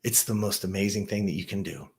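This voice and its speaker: A middle-aged man, a gym owner and host, telling a motivational story to camera, rising with excitement and dropping low to reflect. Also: fast talker.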